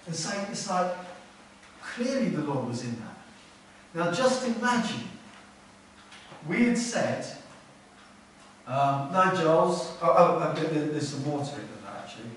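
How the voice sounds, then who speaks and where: A man's voice: on the high side, very animated, measured pace, pauses often, a little hiss or hum. A man preaching a sermon as pastor, in an earnest conversational way that repeats words for emphasis. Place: church hall. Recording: echoey hall, mic far off.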